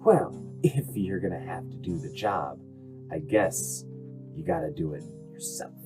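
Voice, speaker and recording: A man voicing a menacing woman who turns into a werewolf, speaking in a low drawl during a tabletop game. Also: lively intonation, a little slow, music in the background.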